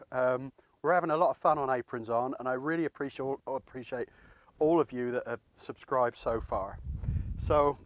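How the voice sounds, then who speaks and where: A man's voice: medium pitch, a little hiss or hum. Chatty English man hosting cooking videos. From England. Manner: chatty, rambling, self-deprecating. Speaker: cooking channel host. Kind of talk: casual cooking demonstration.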